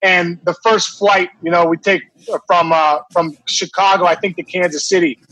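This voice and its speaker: A middle-aged man with a high, husky voice tells a story casually, full of restarts and laughter. He sounds lively and animated as he goes. The recording is dry and close. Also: moderate pace, no room sound, poor audio. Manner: animated, laughing anecdote teller with many restarts. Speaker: former ballplayer guest.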